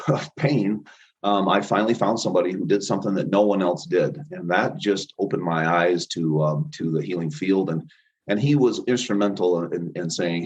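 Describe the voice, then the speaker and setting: Middle-aged male guest, anecdotal and rambling, fairly low voice, dull lo-fi recording. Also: expressive, fairly quick. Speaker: interview guest, chiropractor and healer. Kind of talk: casual storytelling interview. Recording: dull lo-fi audio.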